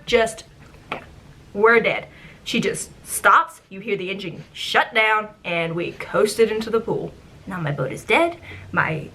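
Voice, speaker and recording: A young woman chats through stories from her days as a ride guide, with a bright, forward voice that stays at an ordinary pitch. She talks in a loose, rambling way, full of little "likes" and "ums", and slips into lively replays of her own reactions. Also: a little hiss or hum. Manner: animated, acts out her own past reactions; chatty, with frequent "like" and "um". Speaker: former theme park ride guide. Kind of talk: casual storytelling vlog.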